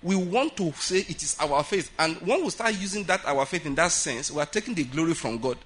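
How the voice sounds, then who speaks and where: A man preaches at a prayer meeting in a high, bright voice with a husky grain. He is animated, laughs often, and acts out the voices he quotes. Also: fairly quick. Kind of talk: sermon.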